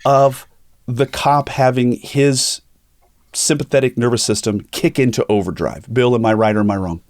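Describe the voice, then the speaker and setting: This pastor, a middle-aged man with a mid-range voice, talks at an ordinary speed on his podcast. His candid conversation is full of animated personal stories, and he acts out each person he quotes. The sound is dry and clean, as from a studio.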